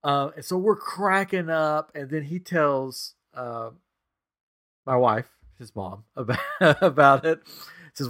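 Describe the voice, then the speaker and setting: A man in his thirties chats casually as a podcast co-host, his voice sitting at an ordinary middle pitch. He tells a story with lively energy, chuckling often and switching into quick impressions for the quotes. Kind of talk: casual chat.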